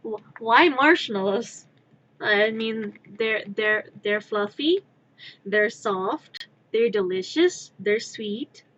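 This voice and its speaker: A woman's voice: a little high, lively intonation, takes it slowly, a bit bright, lo-fi sound, a little hiss or hum. A woman streaming her crafting, chatting in a rambling, playful way from her own room, sometimes scolding her cat. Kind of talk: casual live-stream chatter.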